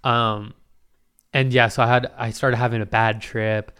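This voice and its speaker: A young man answering viewer questions in a casual vlog, swearing freely and talking in animated, exclamatory bursts full of fillers. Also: medium pitch, unhurried, clear, resonant tone. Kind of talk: casual Q&A storytelling.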